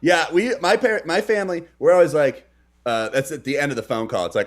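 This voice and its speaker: A man's voice: fairly high pitch, fairly quick. A man co-hosting a livestreamed talk show, chatting casually and joking, reading out chat. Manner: joking, reads chat aloud. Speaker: podcast co-host.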